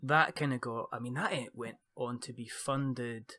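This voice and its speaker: A man's voice: medium pitch, unhurried, bright, forceful tone. A man hosting a casual podcast, joking and rambling with many fillers. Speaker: podcast host.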